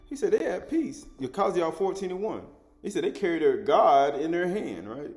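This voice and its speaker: A man preaching a sermon, teaching in an animated way, repeating and restating his words and chuckling as he goes. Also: on the high side, normal speed, faint music behind.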